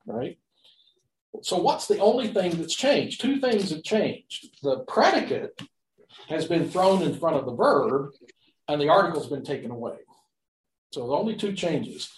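A man's voice: a little high, darkish tone, reverberant, slight background noise, rough recording. A man teaching the grammar of a Bible passage, talking unscripted with many fillers, restarts and rhetorical questions. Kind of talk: unscripted Greek grammar lecture.

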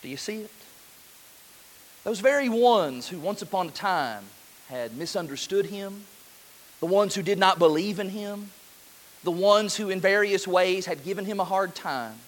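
A man in his thirties preaching a sermon in a church, earnest, swelling loud and then dropping soft. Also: sits high.

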